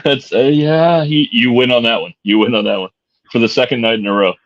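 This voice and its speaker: A man's voice: medium pitch, brisk, no echo. A man co-hosting a podcast in casual chat, laid-back, swearing and joking as he asks questions. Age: adult. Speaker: podcast co-host asking questions. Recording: dull dry lo-fi sound.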